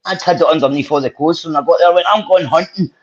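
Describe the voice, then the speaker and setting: Husky man telling stories. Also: a little high, fairly even intonation, rapid-fire. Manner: swearing, rambling anecdotes with frequent restarts. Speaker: podcast host. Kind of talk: casual storytelling chat. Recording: dull lo-fi podcast audio.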